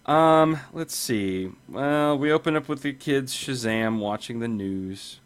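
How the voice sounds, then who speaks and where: A man at a middling pitch chats on a comic book podcast, easygoing and unpolished. He laughs a lot and fills his pauses with ums and restarts. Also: clear, resonant tone. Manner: laughs often, loose and hesitant with many ums. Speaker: podcast co-host. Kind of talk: casual comic book chat.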